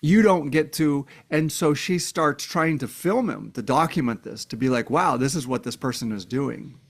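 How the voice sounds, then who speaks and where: A man's voice: medium pitch, lively intonation, normal speed, creaky, breathy edge. Blunt man telling a hypothetical story. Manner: acts out quoted voices of an angry abuser and a victim in heated tones; blunt, swears, many "like" fillers. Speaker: commentator. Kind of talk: casual spoken commentary.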